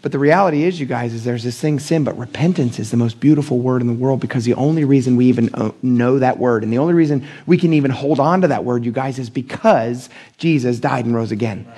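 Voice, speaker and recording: Gravelly-voiced animated male preacher. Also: medium pitch, quick pace, hardly any pauses. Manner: conversational and animated, acting out quoted voices. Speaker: pastor. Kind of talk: sermon.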